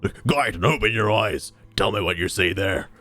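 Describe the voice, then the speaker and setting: A man's voice: lowish voice, normal speed, sharp tone. A man voicing a bossy ship captain who barks orders over an intercom. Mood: commanding. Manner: commanding, clipped.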